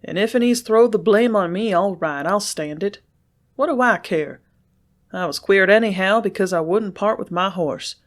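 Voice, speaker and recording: A woman voicing an earnest young male horse rider in an audiobook, with a rough-spoken, pleading manner. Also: medium pitch, normal speed, lightly acted. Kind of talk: audiobook character reading.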